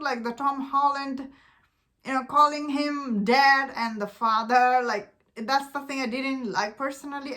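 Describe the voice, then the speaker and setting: A woman's voice: high voice, sharp tone. A woman giving casual opinion commentary on a film as a movie blogger, chatty, with lots of filler words and frequent laughter.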